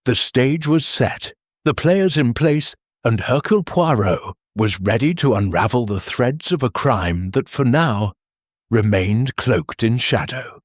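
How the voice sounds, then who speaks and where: A man narrating a mystery audiobook, his husky voice moving slowly through the lines. His pitch rises and falls with lively shape, and the recording is close and dry. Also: no room sound. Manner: measured storytelling delivery.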